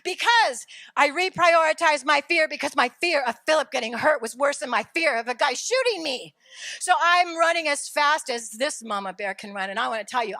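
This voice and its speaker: A middle-aged woman preaching a sermon, telling a lively personal story and shouting at its dramatic moments. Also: high-pitched, no echo.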